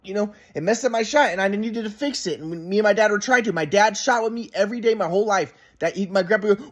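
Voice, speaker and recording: A man's voice: sits high, expressive, very fast, hardly any pauses. A man in a rambling, casual monologue, often restarting and repeating himself, frustrated and swearing.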